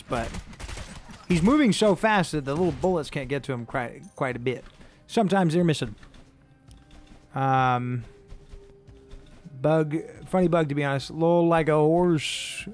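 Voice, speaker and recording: A fairly high-voiced man riffs loosely over his own gameplay, swearing freely and joking as he goes. Game music and gunfire play faintly behind him. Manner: swears freely, rambling and jokey. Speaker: streamer. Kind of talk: casual gameplay commentary.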